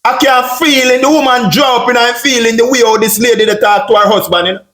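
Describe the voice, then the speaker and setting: A man's voice: very high-pitched, steady tone, a little fast, a bit bright, roomy sound. A man from Jamaica with a Jamaican accent giving casual commentary, mixing patois with English and asking rhetorical questions. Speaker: online commentary host.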